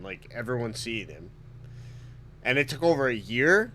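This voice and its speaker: A man's voice: mid-range voice, big pitch swings, normal speed, long pauses, a bit bright, slight background noise. A man hosting a reaction video, talking casually with lots of fillers and asking viewers to comment. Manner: chatty, full of fillers, asks viewers to comment.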